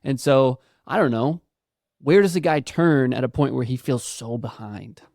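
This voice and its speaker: A man co-hosting a podcast, talking in a relaxed, reflective, conversational way. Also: mid-range voice, normal speed, gravelly, no echo, studio quality. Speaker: podcast co-host.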